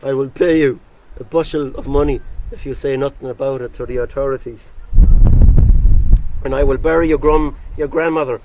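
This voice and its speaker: A man's voice: mid-range voice, fairly even intonation, normal speed, natural voice. A man voicing a rich, hot-tempered innkeeper who pleads and frets, outdoors with wind on the mic. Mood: pleading. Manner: pleading, fretful.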